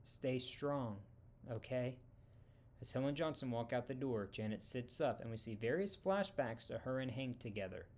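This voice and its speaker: A young man reading out a fan-made story in a plain, even casual narration. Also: mid-range voice, fairly quick, few pauses.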